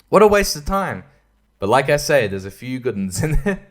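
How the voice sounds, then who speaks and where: A man in a casual ranting review, with a voice sitting a little higher than usual for a man. He swears freely, turns sarcastic and often breaks into laughter as he talks. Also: fast talker, fairly bright tone. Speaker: music reviewer.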